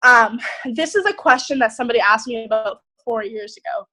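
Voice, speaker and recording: A young woman leading a group on a video call, giving an excited, emphatic motivational talk with casual swearing. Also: a little high, a little fast, poor audio. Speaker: group leader.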